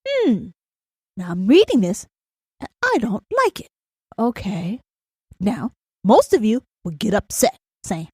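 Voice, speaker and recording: Blunt, animated woman podcaster ranting. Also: mid-range voice, takes it slowly, long pauses, slightly rough, dry recording, clean studio sound. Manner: blunt, profane and emphatic, keeps asking "do you understand?". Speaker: podcast host. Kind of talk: ranting monologue.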